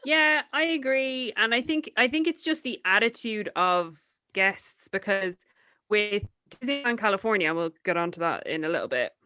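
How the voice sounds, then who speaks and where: A woman's voice: mid-range voice, animated, moderate pace, pushed and bright, no echo, studio quality. Blunt, sweary Irish woman podcaster. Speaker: podcast co-host. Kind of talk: casual chat.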